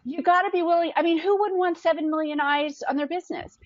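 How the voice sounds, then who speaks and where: A woman guest telling an excited story, acting out quotes with big jumps in her voice. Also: very high voice, quick pace, no echo, dull audio. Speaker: podcast guest. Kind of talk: animated storytelling.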